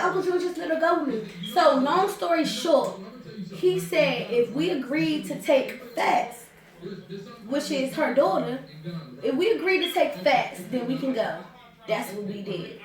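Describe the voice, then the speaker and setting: Young woman, DC area accent, high voice, animated slangy storytelling, profane, distant echoey mic, crowd noise. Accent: Washington DC area. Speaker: vlogger telling a story with her twin. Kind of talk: storytime vlog.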